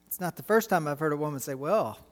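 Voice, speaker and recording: A middle-aged man preaching a sermon, animated and full of rhetorical questions to the congregation. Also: a little high, rapid-fire, big-room sound.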